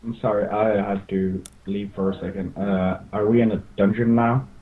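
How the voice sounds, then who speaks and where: A man's voice: fairly low pitch, flat delivery, normal speed, narrow, tinny audio. A man playing in a tabletop game, asking questions casually. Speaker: player.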